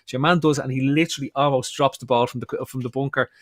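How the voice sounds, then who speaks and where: A man co-hosting a casual podcast chat, telling an animated story and acting out the quotes. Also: mid-range voice, quick pace, no echo, clean studio sound. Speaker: podcast co-host.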